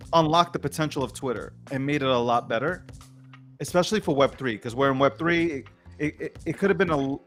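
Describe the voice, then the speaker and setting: A man's voice: on the high side, a bit bright. A man co-hosting a late-night news show, talking in a slangy, emphatic and rambling way in casual commentary.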